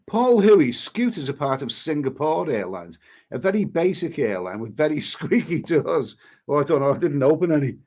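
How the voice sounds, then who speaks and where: A travel vlogger reads his live chat aloud on a casual stream, answering viewers with cheeky banter and restarting often. His voice sits on the high side, with a sing-song lilt, a moderate pace and a darkish tone.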